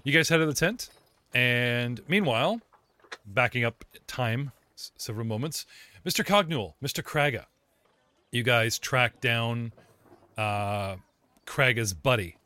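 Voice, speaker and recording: A man's voice: medium pitch, expressive, a little slow, long pauses, pushed and bright, clean tone. A man running a tabletop game as game master, joking with players and narrating scenes. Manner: jokey, puts on many character voices.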